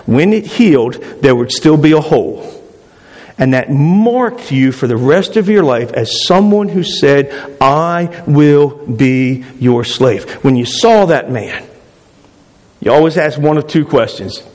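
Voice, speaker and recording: A man's voice: a little high, expressive, measured pace, darkish tone. Emphatic preacher man in a reverberant hall. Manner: emphatic, repeating phrases for stress. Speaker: pastor. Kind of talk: sermon.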